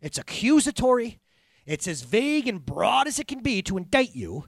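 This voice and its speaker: A pastor giving a conversational sermon, with joking asides, restarts and acted-out quotes. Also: male voice, sits high, sing-song, normal speed, creaky, no room sound, studio quality.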